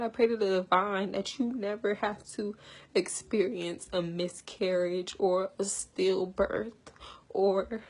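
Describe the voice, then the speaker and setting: A woman's voice: medium pitch, steady tone, measured pace, a little mellow, slightly rough. A young woman talking passionately and earnestly to her viewers in casual slang. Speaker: vlogger. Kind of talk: emotional personal talk to camera.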